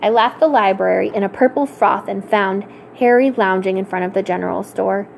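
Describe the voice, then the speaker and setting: A woman reading a children's novel aloud for a library storytime, in an expressive, clear storytelling manner. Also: medium pitch, fairly quick, slight background noise.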